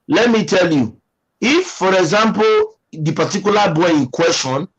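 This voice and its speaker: A man with a Nigerian English accent hosts a livestream chat, talking in a slightly high voice. His delivery is preachy and emphatic, and he repeats his points as he reads viewer comments. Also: animated, moderate pace, husky, low-quality recording. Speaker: livestream host.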